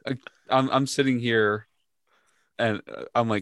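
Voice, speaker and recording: A man's voice: mid-range voice, fairly even intonation, a little slow, a bit bright, no room sound, clean studio sound. A man in a casual chat, blunt and sarcastic, swearing freely.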